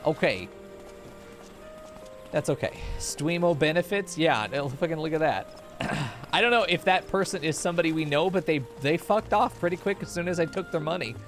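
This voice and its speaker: A man's voice: a little high, expressive, moderate pace, a bit bright. A man streaming a game, joking and swearing freely as he chats with his viewers. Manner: profane, joking, talks to chat. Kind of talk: casual live-stream chatter. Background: game music.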